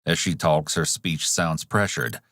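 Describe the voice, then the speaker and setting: Man doing dramatic true-crime narration, really deep voice, dry. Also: fairly bright tone, no room sound. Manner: measured, dramatic.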